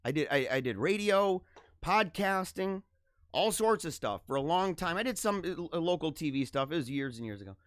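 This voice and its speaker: A man's voice: on the high side, animated, normal speed, a bit bright, no echo, studio quality. A middle-aged man hosting his own live show, talking casually in a joking, emotional way with many restarts. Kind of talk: casual live-stream monologue.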